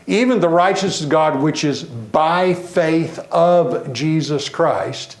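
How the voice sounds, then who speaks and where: A man preaching a sermon in a church, animated, varying his pace and acting out the people he quotes. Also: on the high side, reverberant. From Tennessee.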